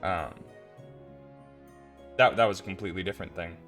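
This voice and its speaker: A man's voice: low voice, normal speed, a bit bright, soft background music. A man hosting a casual podcast chat, thinking aloud and poking fun at himself. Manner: conversational, thinking aloud, self-deprecating. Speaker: podcast host.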